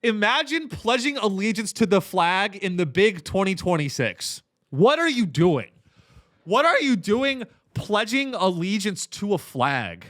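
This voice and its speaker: A man hosts a comedy podcast in a voice pitched a little high that swings widely up and down as he rants. His delivery is ironic and profane, full of restarts and asides. The sound is close and dry, with no room around it. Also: very animated, measured pace, a bit bright, no echo. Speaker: podcast host. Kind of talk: satirical comedy rant.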